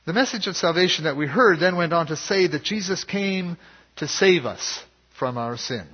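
Husky male pastor preaching in a reverberant church. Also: fairly high pitch. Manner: measured, earnest preaching delivery. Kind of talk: sermon. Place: church sanctuary. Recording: dull lo-fi sound with long hall reverb.

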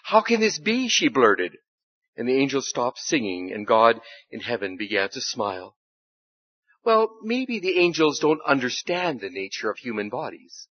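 A man reading a story aloud to a congregation, with expressive, dramatic telling. His voice sits at a middle pitch. The recording is dry and a little dull. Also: unhurried, no echo. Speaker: storyteller in a church service.

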